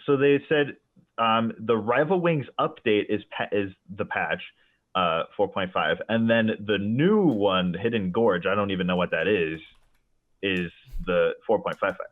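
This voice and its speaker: Male podcast guest, relaxed and lively, heard over a tinny call-in line. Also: fairly low pitch, unhurried. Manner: lively, easygoing, laughs along. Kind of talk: casual chat.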